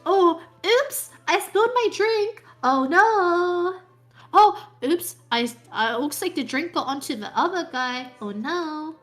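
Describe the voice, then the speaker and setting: A man's voice: very high voice, animated, slow pace, fairly bright tone, soft background music, pitched above the performer's own voice, exaggerated voice. A woman voicing a sly young male rogue who pretends to be clumsy, in a falsely innocent, exaggerated way. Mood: fake innocent.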